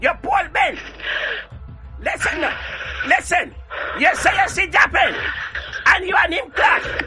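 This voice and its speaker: A shrieking old Jamaican granny, as a performer puts her on, yelling down the phone in thick patois. Her voice sits very high and swoops wildly, with a piercing, sharp edge. She scolds and shouts without letting up. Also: huge pitch swings, measured pace, long pauses, soft background music, heavily acted. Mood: scolding. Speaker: grandmother on a phone call.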